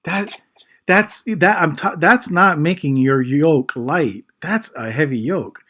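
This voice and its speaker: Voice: mid-range voice, lively intonation, slow pace, fairly bright tone. A host in a casual chat who makes emphatic points and keeps the conversation moving. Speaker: channel host.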